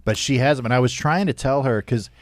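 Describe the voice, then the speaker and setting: A man in his forties co-hosts a comedy podcast in easygoing, playful chat. His voice sits at a middling pitch. The recording is dry and close. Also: fast talker, dry recording. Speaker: podcast co-host.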